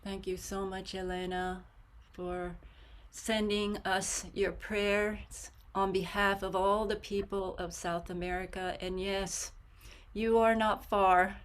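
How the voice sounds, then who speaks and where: A woman hosting an online prayer gathering over a video call, speaking in a gentle, soft-spoken, affectionate way. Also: medium pitch, little pitch movement, takes it slowly. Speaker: host.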